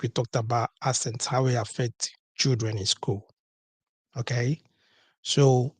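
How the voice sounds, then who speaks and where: A man's voice: medium pitch, husky, no room sound. A man hosting a call-in talk show, talking emphatically, repeating key words and asking rhetorical questions. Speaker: podcast host.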